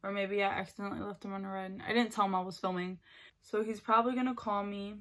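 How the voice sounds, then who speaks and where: A woman's voice: medium pitch, fairly even intonation, fast talker, fairly bright tone. A young woman rambling chattily about her boyfriend while doing her makeup, filling her talk with "like". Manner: rambling and chatty, fills speech with "like". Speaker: beauty vlogger.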